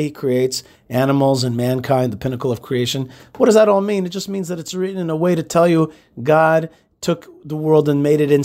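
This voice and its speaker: Chatty male host teaching scripture. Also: on the high side. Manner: animated, conversational, frequent fillers and restarts. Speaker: radio show host.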